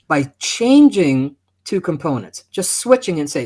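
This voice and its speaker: A man's voice: a little high, sing-song, moderate pace, few pauses, a little mellow. A man co-hosting a self-help podcast, coaching listeners and demonstrating how intonation changes example phrases. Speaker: podcast co-host. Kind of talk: conversational teaching.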